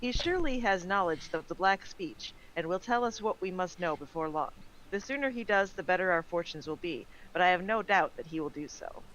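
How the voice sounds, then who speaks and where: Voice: medium pitch, expressive, brisk, fairly bright tone, dull audio, natural voice. A player reading a formal commander's orders. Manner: formal quest dialogue read aloud with stumbles. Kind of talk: reading game quest dialogue aloud.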